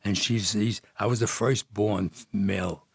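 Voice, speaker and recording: Gravelly older New storyteller. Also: male voice, fairly low pitch, fairly even intonation, measured pace, dry recording, studio quality. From Jersey City, New Jersey. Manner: rambling, laughs often, false starts. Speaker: podcast guest. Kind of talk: storytelling in casual conversation.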